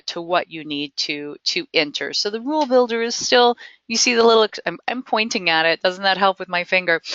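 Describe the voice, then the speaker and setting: Woman trainer, lowish voice, dry dull web-call sound; chatty, enthusiastic, self-deprecating demo delivery. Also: fairly bright tone, no echo. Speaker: webinar trainer. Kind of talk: live software demo webinar.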